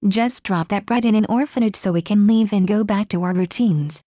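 A woman's voice: mid-range voice, brisk, warm tone, dry recording, muffled recording, natural voice. Hera, sneering queen of gods, read by a woman.

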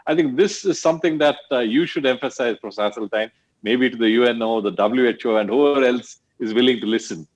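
A man's voice: mid-range voice, quick pace, poor audio. A man moderating an online panel, speaking earnestly with frequent hesitations. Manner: earnest, with many fillers.

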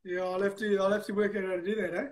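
A man's voice: sits high, level tone, racing, a little mellow, a little hiss or hum. A man from South Africa as a guest on a video call interview, easygoing and self-deprecating.

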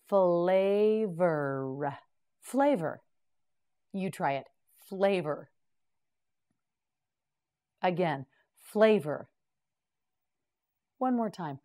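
A woman teaching English vocabulary in a scripted lesson. She pronounces each word clearly, pauses for the learner to repeat it, and answers with short praise. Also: on the low side. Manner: clear, careful enunciation with short encouraging praise.

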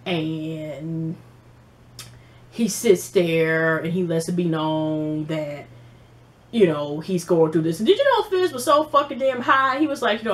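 Animated, profane woman recapping reality TV. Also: fairly low pitch, unhurried. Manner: animated, profane, mimics people she quotes. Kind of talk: casual episode recap.

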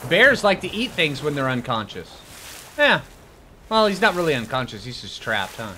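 Playing on his own gaming channel, a man chats casually and upbeat, often talking to himself. His voice is a little high, very animated, bright and forceful, at a moderate pace, with slight background noise.

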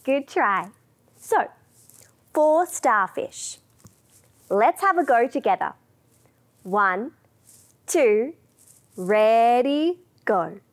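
A young woman teaches a children's music class in a bright, rather high voice that swoops up and down. She speaks very slowly and sing-song, coaxing little ones along and dropping into soft whispers for the quiet parts. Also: expressive.

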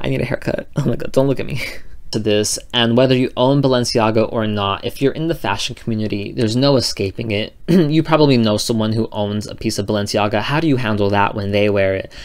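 A man's voice: medium pitch, brisk, a little mellow. A man vlogging about fashion to camera, chatty and dramatic, filling his talk with "like" and "you know". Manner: gushing, dramatic, filler-heavy with constant "like". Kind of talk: casual chat to camera.

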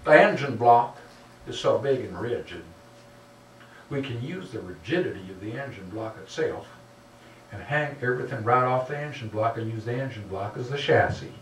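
A man's voice: mid-range voice, animated, moderate pace, a little hiss or hum, close to an everyday voice. A man voicing a plain-spoken Texan engineer in a North Carolina accent, with a folksy, matter-of-fact drawl, in a roomy hall heard from a distance.

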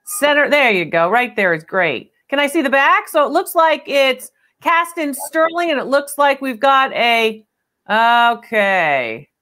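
A woman hosting a live call-in appraisal stream, talking in a brisk, chatty, direct way. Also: high-pitched, expressive, bright, forceful tone. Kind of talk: unscripted live appraisal chat.

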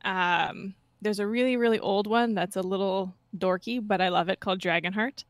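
A woman's voice: medium pitch, steady tone, normal speed, no room sound. Easygoing woman talking board games, lots of ums, dry close sound. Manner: easygoing and knowledgeable, thinks aloud with fillers. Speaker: co-host. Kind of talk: casual chat during online board game.

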